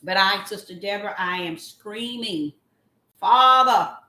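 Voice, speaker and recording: A woman calling herself a prophetess, giving a slow spoken devotional message. She draws her words out and breaks into loud cries of apology. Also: mid-range voice, lively intonation, roomy sound. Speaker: self-styled prophetess.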